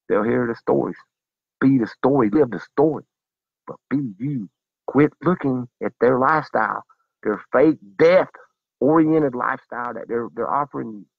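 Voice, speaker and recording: A man's voice: mid-range voice, creaky, husky, no room sound, narrow, tinny audio. A man delivering a fired-up, profane, preachy monologue to his viewers. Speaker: vlogger. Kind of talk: impassioned monologue to camera.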